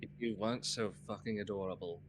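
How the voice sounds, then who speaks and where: A man plays his character in a tabletop game, blunt and quick to swear. His voice is very deep, with a faint hiss of noise behind. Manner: blunt and profane. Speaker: player. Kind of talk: tabletop role-play in character.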